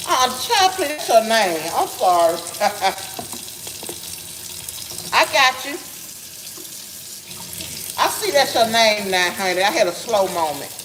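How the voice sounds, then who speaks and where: A woman's voice: mid-range voice, very animated, takes it slowly, pauses often, noisy background. A Southern woman, older, chatting casually with her livestream viewers while doing house chores, greeting them by name in a folksy way. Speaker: livestream host. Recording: echoey kitchen with running water.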